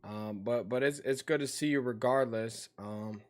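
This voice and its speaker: A man's voice: medium pitch, moderate pace. A man streaming live, chatting with viewers in a loose, slangy way that often trails off. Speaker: livestreamer.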